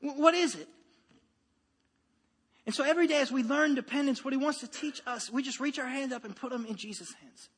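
Pastor man, thirties, high bright voice, chatty sermon delivery with lots of "right?", reverberant church hall. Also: brisk. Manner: conversational, repeats "right?" and restarts.

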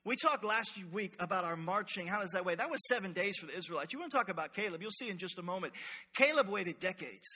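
A man preaching a lively, humorous sermon as pastor, calling out to the congregation in a church sanctuary. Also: sits high, fast. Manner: energetic, humorous preaching with crowd call-outs. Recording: long hall reverb.

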